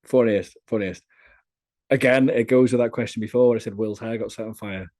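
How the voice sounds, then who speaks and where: A young British adult content creator being interviewed on a casual podcast tells candid, crude anecdotes with a chatty, humorous flair. His voice is lowish and darkish in tone, with fairly even intonation and a slightly fast pace.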